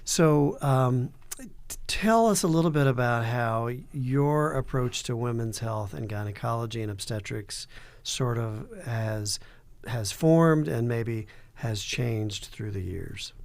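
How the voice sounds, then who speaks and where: Relaxed male podcast host. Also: mid-range voice, takes it slowly, creaky. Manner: relaxed, affirming, with short backchannel replies. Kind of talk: interview podcast.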